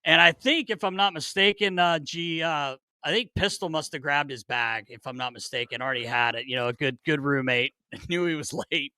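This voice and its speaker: A man hosting a podcast, telling stories in a casual, animated way, swearing freely and laughing as he goes. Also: on the high side, brisk, hardly any pauses, smooth, dry recording. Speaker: podcast host. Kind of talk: casual storytelling chat.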